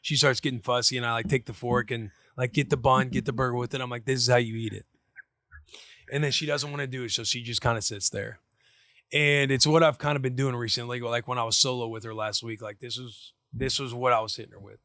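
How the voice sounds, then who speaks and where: A man in his thirties tells a rambling, animated story about his small daughter on a casual podcast. He jumps between quoted voices and easy chat. His voice sits mid-range and sounds close and dry. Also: mid-range voice, fast, no room sound. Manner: excitable, acts out his daughter and himself in quotes. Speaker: podcast co-host, former football player.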